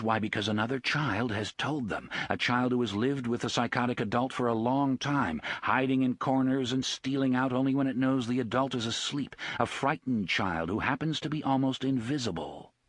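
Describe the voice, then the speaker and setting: Man reading an audiobook, husky voice, lively pitch, dry close mic. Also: dry recording. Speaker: audiobook narrator. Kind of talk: scripted narration.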